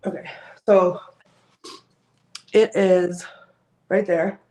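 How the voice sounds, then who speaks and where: A woman on a live ghost hunt streaming from a phone on a selfie stick inside an old house, speaking softly and coaxingly to the spirits. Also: on the low side, steady tone, extremely slow, reverberant, background noise.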